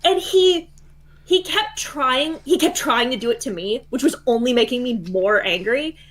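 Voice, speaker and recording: A woman's voice: high-pitched, moderate pace. A woman on a voice call telling a story in a casual, heated way, swearing a lot and laughing as she goes. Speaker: guest caller.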